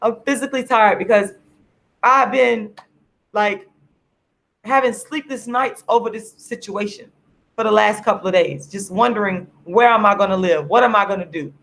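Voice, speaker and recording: A tired, sleepy woman hosting a casual livestream, speaking in an earnest, repetitive, drawn-out way to viewers through her camera. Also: mid-range voice, vocal fry, a bit bright. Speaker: livestream host.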